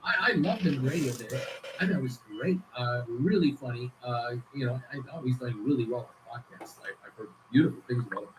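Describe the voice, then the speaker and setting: A man's voice: medium pitch, a little fast, noisy background. A man hosting a casual livestream who rambles with many fillers and restarts while reading viewer comments aloud. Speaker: livestream host.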